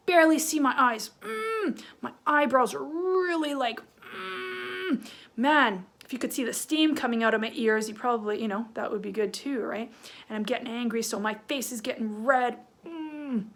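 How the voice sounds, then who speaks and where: A woman teacher giving an online lesson to young children, acting out faces and sounds, with many "right?" and "um" fillers. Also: a little high. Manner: animated, acts out facial expressions with sounds.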